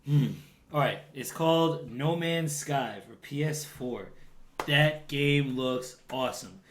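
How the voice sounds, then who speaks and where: A man's voice: medium pitch, takes it slowly, a little hiss or hum. A man co-hosting a casual podcast, laid-back and enthusiastic when he talks about games. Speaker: podcast co-host. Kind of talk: casual chat.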